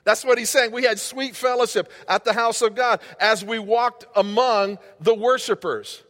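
A man's voice: high-pitched, moderate pace, fairly bright tone. A man preaching a sermon as pastor, impassioned and conversational, talking straight to the congregation. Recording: long hall reverb.

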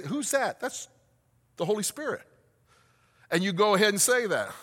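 A man preaching a sermon as pastor, asking the congregation questions and rising to shouts. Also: sits high, big pitch swings, normal speed, husky, in a large hall.

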